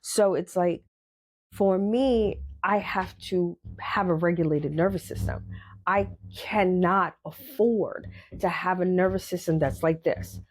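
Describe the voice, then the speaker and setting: A woman's voice: lowish voice, expressive, slow, a little mellow, husky. A woman hosting a podcast, giving a blunt, emphatic motivational monologue, repeating her points and swearing casually. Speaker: podcast host.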